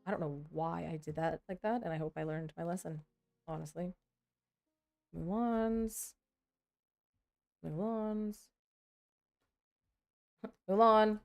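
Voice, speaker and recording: A woman's voice: lowish voice, slow pace, vocal fry, pauses often, darkish tone, soft background music. Chatty self-mocking woman vlogger. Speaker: vlogger sorting trading cards. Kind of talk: casual chat while working.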